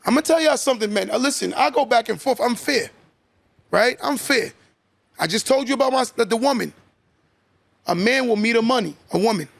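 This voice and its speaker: A man's voice: extremely high pitch, lively intonation, a little fast, vocal fry, long pauses, a bit bright, no room sound. A man hosting a podcast, giving emphatic, preachy motivational talk and often checking in with "right?". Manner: emphatic, repetitive, keeps asking "right?". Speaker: podcast host.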